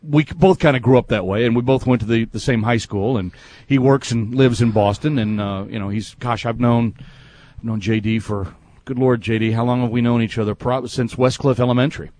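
A man's voice: medium pitch, steady tone, brisk, darkish tone. A man in his fifties from Texas hosting a sports radio show, chatting casually and laughing often.

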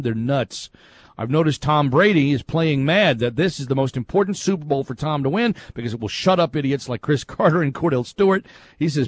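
A man's voice: mid-range voice, darkish tone, dry recording. A man hosting a sports podcast, casually chatting and reading out listener emails in an upbeat way. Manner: chatty and upbeat, often laughing at messages. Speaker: podcast host.

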